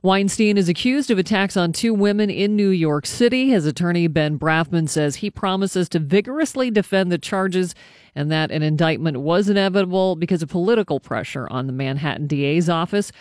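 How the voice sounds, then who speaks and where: A woman's voice: fairly low pitch, darkish tone, dry recording. Lady reading radio news, formal, dry studio sound. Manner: measured, formal. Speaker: newsreader. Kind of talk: radio newscast.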